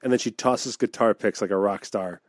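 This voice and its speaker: A man co-hosting a podcast, telling a story in a casual, animated way, acting out the people he describes and laughing often. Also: on the low side, moderate pace, dry recording, clean studio sound. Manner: laughs often while talking. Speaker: podcast co-host.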